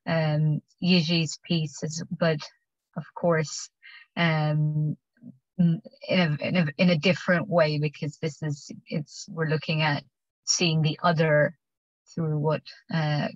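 Low-voiced woman moderating a panel. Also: no echo. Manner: measured, with many filler ums. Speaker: host and moderator. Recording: dry, dull video-call audio.

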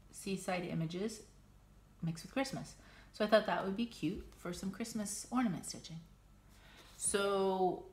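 A middle-aged woman from the United States talks casually in a slightly low voice. She gushes, gets emotional and trails off into restarts as she shows off her craft supplies. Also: slight background noise. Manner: chatty, gushing, emotional. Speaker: cross-stitch vlogger. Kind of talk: casual chat.

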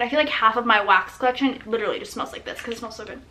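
A woman in her thirties doing a casual product showcase vlog, gushing with enthusiasm and sometimes dropping to soft, breathy murmurs. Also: on the high side, very fast, few pauses, background noise. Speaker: small business owner showing products.

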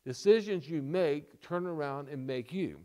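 A man's voice: on the high side, a little slow, dark tone. A male pastor preaching a sermon, repeating key lines for emphasis and checking in with the congregation with "okay?" and "all right?".

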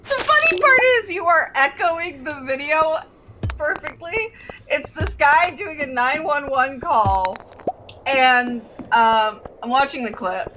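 Lively high-voiced woman streamer. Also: takes it slowly, noisy background. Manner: animated, loud outbursts and shrieking reactions; acts out voices when retelling stories. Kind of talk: casual chat on a game stream. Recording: music playing behind.

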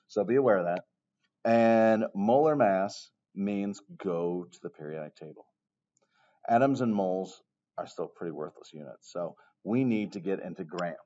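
Low-voiced man giving a casual lecture. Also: darkish tone. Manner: casual, jokey asides, keeps checking with "okay?". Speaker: chemistry teacher. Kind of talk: recorded classroom lecture. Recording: dull lo-fi recording.

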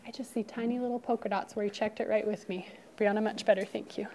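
A woman teacher running a phonics lesson in a classroom, brisk and encouraging, calling out words and praising pupils, sometimes dropping to a hushed whisper for one child. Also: medium pitch, steady tone.

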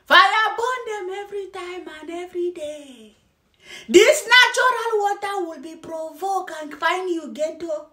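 A woman's voice: extremely high pitch, lively intonation, a little slow, pushed and bright, pitched above the performer's own voice, exaggerated voice. A woman putting on a mock male newscaster who makes theatrical, sing-song pronouncements about a swamp. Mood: mock dramatic. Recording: roomy echo.

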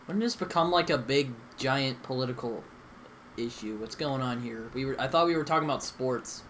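Young guy gaming w friends, mid pitch, rambly and hesitant, lots of um and you know, faint hum behind. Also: moderate pace, fairly bright tone. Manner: rambling, hesitant, many fillers and restarts. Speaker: gaming channel host. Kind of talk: casual gaming chat with friends.

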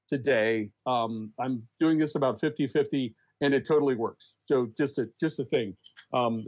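A man on a casual podcast panel, a journalist, speaking haltingly with frequent repeated words and restarts. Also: medium pitch, a little mellow, rough recording.

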